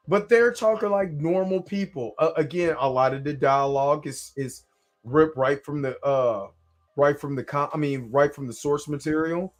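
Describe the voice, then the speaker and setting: A man's voice: a little high, normal speed, faint music behind. A man from Kansas City hosting a casual live reaction show, talking at length and often asking "you know what I'm saying". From Kansas City, USA. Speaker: show host reviewing an episode.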